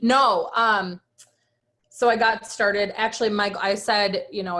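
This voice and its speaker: Speaking unhurriedly in a mid-range voice, a guest speaker in her thirties recounts her own story. She is animated and emphatic, acting out the things people said.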